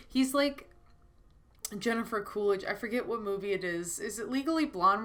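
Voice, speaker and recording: A woman playing a story game on video, reading it aloud with excitable, dramatic reactions. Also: medium pitch, a little fast. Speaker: let's play host. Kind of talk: reading a visual novel aloud with commentary.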